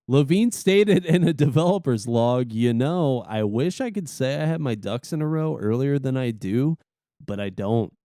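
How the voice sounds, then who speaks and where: A man's voice: medium pitch, warm tone, no room sound, studio quality. A man co-hosting a gaming podcast, reading game history from notes with easygoing banter. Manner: easygoing, quick to laugh and tease. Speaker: podcast co-host.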